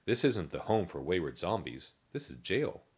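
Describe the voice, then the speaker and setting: A man voicing a slow, easygoing old male zombie inmate in a storybook tale, speaking in a drawl. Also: low-pitched, very animated, slightly rough, heavily acted. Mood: matter-of-fact.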